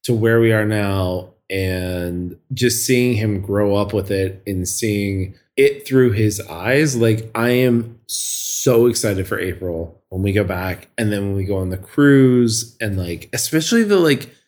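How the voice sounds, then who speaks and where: A man in his thirties, co-hosting a podcast and telling a story in casual chat, animated and getting teary as he talks. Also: fairly low pitch, slow, hardly any pauses. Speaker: podcast co-host.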